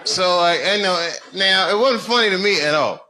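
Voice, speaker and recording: Animated middle-aged comedian on stage. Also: male voice, high voice, moderate pace. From United States. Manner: animated storytelling, swings from hushed asides to loud bursts. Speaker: stand-up comedian. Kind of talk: stand-up comedy set. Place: comedy stage before a live audience. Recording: noisy live show recording. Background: audience laughter.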